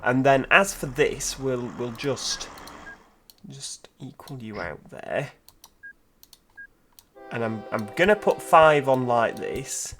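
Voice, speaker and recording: A man's voice: mid-range voice, lively intonation, slow pace, long pauses, fairly bright tone, slight background noise. A man giving casual let's-play commentary, thinking aloud and asking rhetorical tag questions. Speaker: gameplay commentator.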